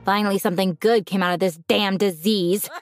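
A woman's voice: medium pitch, fairly even intonation, a little fast, soft background music, close to an everyday voice. A woman voicing a greedy, threatening middle-aged aunt in a storybook reading. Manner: threatening, cackling.

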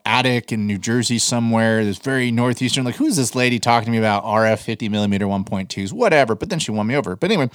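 A man co-hosting a casual podcast, talking in an animated, blunt way and swearing freely. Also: mid-range voice, dry recording, clean studio sound. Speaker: podcast co-host.

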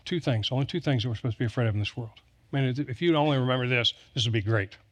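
A man's voice: medium pitch, racing, fairly bright tone. A man preaching a sermon, telling stories with humor and repeating lines for emphasis. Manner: storytelling with humor, emphatic repetition. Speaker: pastor.

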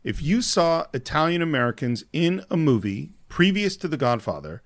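Lively male podcast host explaining films. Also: on the high side, normal speed. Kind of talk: casual chat about a film.

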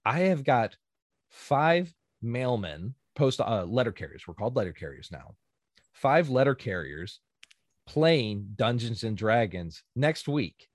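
A man co-hosting a casual podcast chat, animated and joking, laughing often. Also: medium pitch, a little slow, no echo, studio quality. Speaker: podcast co-host.

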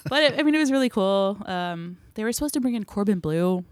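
A woman's voice: medium pitch, lively intonation, fast, no room sound. A young woman, a film crew member chatting in a casual interview, telling stories animatedly with lots of fillers.

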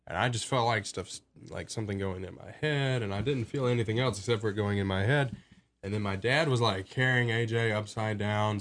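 A man's voice: lowish voice, fairly bright tone. An eighteen-year-old man from Alabama, a podcast guest telling stories casually, self-mocking and rambling. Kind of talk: casual storytelling.

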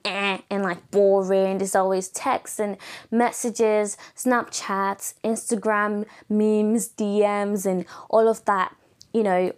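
A young woman with a raspy voice, hosting a casual solo podcast in a chatty, playful way, laughing often. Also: medium pitch, flat delivery, takes it slowly. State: voice going raspy. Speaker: podcast host.

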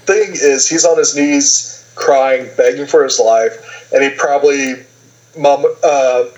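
A man's voice: medium pitch, takes it slowly, a little mellow, muffled recording. A man co-hosting a podcast, retelling a TV season in a rambling way with lots of fillers and quoted lines. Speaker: podcast co-host. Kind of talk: casual TV recap chat.

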